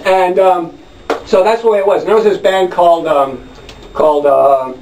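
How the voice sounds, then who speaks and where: Wry high-voiced man telling a story on stage. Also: normal speed, a little hiss or hum. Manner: rambling, wry, with loud shouted chants. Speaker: spoken word performer. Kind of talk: live storytelling monologue. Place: club stage with audience. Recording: echoey room from a distant mic.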